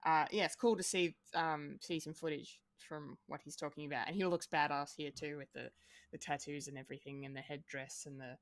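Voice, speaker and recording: Low-voiced woman, halting podcast chat. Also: fairly even intonation, no echo, clean studio sound. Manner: hesitant, many ums and restarts. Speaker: podcast co-host.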